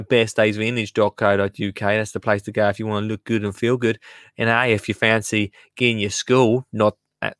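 A man's voice: fairly low pitch, a bit bright, no room sound, clean studio sound. A man hosting a podcast, chatting casually and rambling with lots of slang. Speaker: podcast host. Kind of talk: casual chat.

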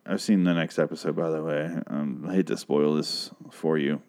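A man with a very deep, gravelly, smooth, darkish voice and fairly even intonation hosts a podcast at a normal speed. Talking into a handheld microphone, he recaps a TV episode in a rambling, sarcastic way with lots of swearing.

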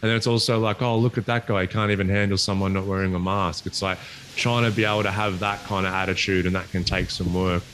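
A man's voice: deep voice, little pitch movement, fast talker, a bit bright, a little hiss or hum. A man co-hosting a podcast from home over a video call, joking in playful banter. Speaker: podcast co-host. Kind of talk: casual podcast chat.

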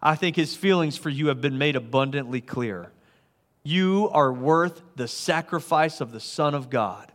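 A man preaching a sermon as a pastor, earnest, swelling to emphatic and then dropping soft. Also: fairly high pitch, measured pace.

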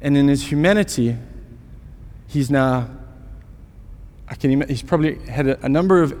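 A man's voice: mid-range voice, moderate pace, darkish tone. A man preaching a sermon, telling a self-mocking story and asking the listeners rhetorical questions. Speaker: pastor. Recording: long hall reverb.

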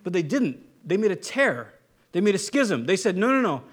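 A man preaching a casual, joking sermon as a pastor, with animated delivery and frequent restarts. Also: sits high, normal speed, breathy edge. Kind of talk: conversational Bible teaching sermon.

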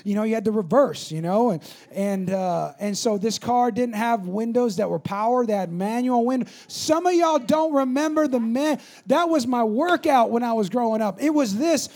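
A man preaching a sermon to a congregation, telling funny stories and acting out voices in an animated way. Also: very high voice, normal speed, hardly any pauses. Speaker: pastor. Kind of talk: sermon with storytelling.

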